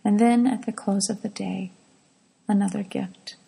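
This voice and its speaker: Very gravelly, husky woman's hushed telling. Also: medium pitch, fairly even intonation, measured pace, poor audio. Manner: soft, hushed, often drops to a whisper. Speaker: mother telling a personal devotional story. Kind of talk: reflective devotional storytelling.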